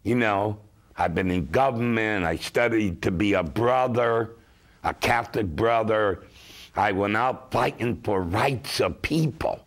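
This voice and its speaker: Slow gravelly storyteller man. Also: on the low side. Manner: slow, emphatic, lively storyteller. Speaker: guest, consumer advocate. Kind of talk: storytelling talk-show chat.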